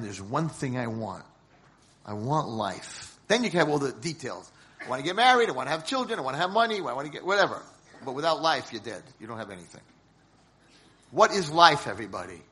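Animated rabbi, hushed to shouting. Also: male voice, mid-range voice, vocal fry. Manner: dramatic storytelling, swings from hushed to shouting. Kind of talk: sermon.

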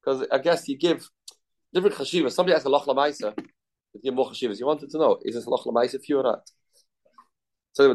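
Guy w reading talmud lines then explaining them, everyday mid-range voice. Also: medium pitch. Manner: reads each passage aloud, then explains it conversationally. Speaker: Talmud teacher. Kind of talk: Talmud class, explaining texts.

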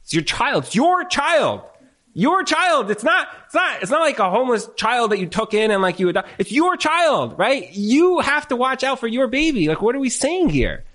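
A man's voice: very high voice, big pitch swings, a little fast, hardly any pauses, a bit bright. A man giving marriage advice to a live audience on a handheld mic, emphatic and repetitive, full of rhetorical questions. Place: event room with an audience.

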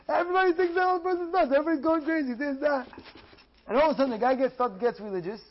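A man giving an animated Torah class as a rabbi, acting out dialogues and repeating phrases with mounting excitement. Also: very high voice, fast talker, muffled recording. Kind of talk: animated sermon.

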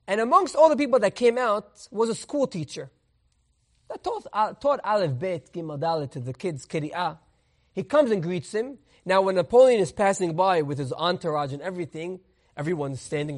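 A man teaching a Torah lesson as a rabbi, telling a parable in an animated way and mixing in Hebrew terms. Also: sits high, moderate pace.

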